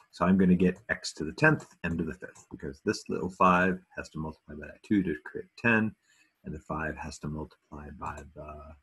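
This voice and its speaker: Husky, deep-voiced man teaching math. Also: a bit bright. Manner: casual, self-deprecating asides. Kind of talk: recorded video lesson.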